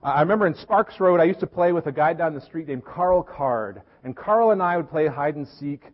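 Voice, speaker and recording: In a church sanctuary, a middle-aged Tennessee pastor preaches in a relaxed, story-driven style sprinkled with casual fillers. His voice sits on the high side and moves briskly and expressively, though the church acoustics leave the audio dull and echoey.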